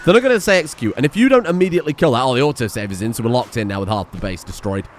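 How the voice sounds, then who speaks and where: A man's voice: mid-range voice, animated, rapid-fire, a little hiss or hum. A young man commentating a game, ranting at his characters in an exasperated, sarcastic, sweary way. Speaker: gaming streamer. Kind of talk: let's play commentary.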